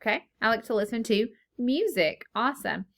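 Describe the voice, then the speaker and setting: A woman's voice: fairly high pitch, expressive, brisk, vocal fry, fairly bright tone. Patient woman teaching a phonics lesson. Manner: patient, asks questions and answers them herself. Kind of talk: phonics lesson for young children.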